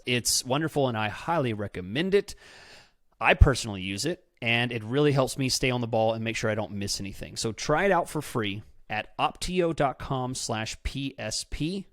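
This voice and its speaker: A man's voice: medium pitch, no room sound, clean studio sound. A man hosting a podcast from his office, talking in a chatty, enthusiastic and self-deprecating way. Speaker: podcast host. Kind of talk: casual podcast talk with ad read.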